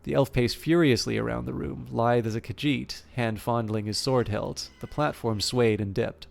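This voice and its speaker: A man reading a book aloud during a game playthrough, steady with occasional slips and asides. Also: medium pitch, moderate pace, vocal fry, hardly any pauses. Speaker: let's play narrator.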